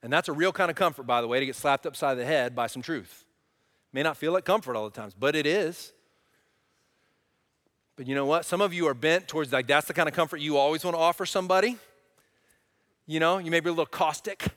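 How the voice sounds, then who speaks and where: Male pastor, higher voice, conversational sermon, restarts phrases, loud then hushed, long hall reverb. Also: brisk, long pauses.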